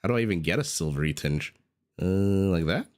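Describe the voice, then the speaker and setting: A playful male caster calls a strategy game live, chatting with his viewers between plays. His voice sits fairly low but swings widely in pitch, and he is fighting off a cough. He talks into a streaming microphone. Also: animated, fairly quick, a little mellow. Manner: playful, chatty, teasing himself. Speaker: esports caster. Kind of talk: live game commentary and casual stream chat.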